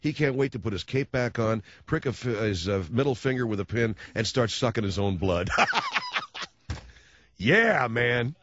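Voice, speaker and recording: A man's voice: medium pitch, normal speed, few pauses, muffled recording, very noisy. A man hosting a radio talk show, telling rambling comic stories with sarcastic asides. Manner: animated ranting storyteller, sarcastic asides. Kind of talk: rambling comic monologue on air. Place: radio studio.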